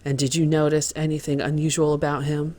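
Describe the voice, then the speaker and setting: A man voicing a male trial lawyer asking formal, measured questions in a dramatized reading of court testimony. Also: on the high side, completely flat delivery, darkish tone, natural voice.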